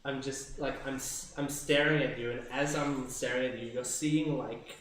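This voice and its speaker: A man at a tabletop game, describing his character in a halting, rambling way with many restarts. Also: mid-range voice, fairly even intonation, a bit bright, far from the mic. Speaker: tabletop player. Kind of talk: in-character role-play. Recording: very echoey room, faint noise.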